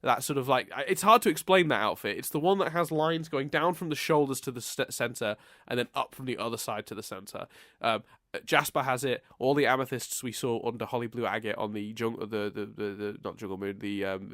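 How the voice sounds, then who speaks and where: A man's voice: mid-range voice, a little fast, fairly bright tone, no echo, studio quality. A man from England hosting a podcast, stuffy with hay fever, rambling with lots of restarts. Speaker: podcast host. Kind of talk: casual podcast chat.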